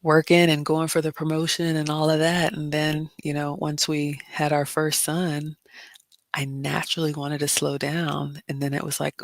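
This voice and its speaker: A woman's voice: low-pitched, monotone, normal speed, no echo. A middle-aged woman hosting a casual livestream Q&A, giving chatty advice with lots of fillers. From immigrant. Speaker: livestream host.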